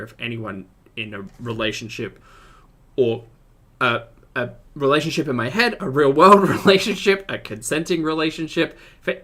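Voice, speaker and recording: A man giving casual, exasperated reaction commentary as a streamer. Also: mid-range voice. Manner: animated, exasperated, chatty.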